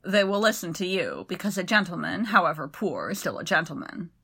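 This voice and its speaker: A woman voicing a rough-voiced former servant man who speaks in a dry, measured way with quiet bitterness. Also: high voice, sing-song, exaggerated voice. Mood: dry, steady.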